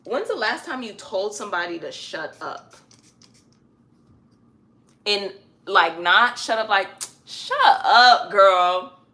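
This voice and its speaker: On a live stream, a woman casually chats as she does her own hair at home, animated and elongating words for emphasis. She speaks at medium pitch and a slow pace, pausing often.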